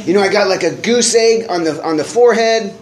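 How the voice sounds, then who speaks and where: A man's voice: sits high, a little fast. A man telling a long personal story in a casual, rambling way, full of fillers and laughs. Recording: roomy echo, faint noise.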